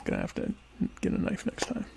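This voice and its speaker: A young adult man hosting a podcast, answering listener questions in a deadpan, ironic, rambling way while eating dinner. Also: brisk. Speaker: podcast host. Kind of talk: casual solo chat answering listener questions.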